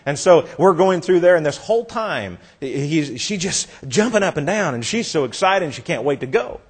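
Brief: male preacher, fairly high voice, earnest storyteller, sermon. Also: very animated, normal speed, breathy edge. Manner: earnest storytelling, dropping soft for effect.

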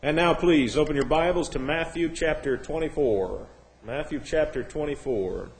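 A man teaching an evening Bible class, leading prayer in a formal, measured way. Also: on the high side, vocal fry, poor audio. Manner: formal, measured, slips into mild joke voices.

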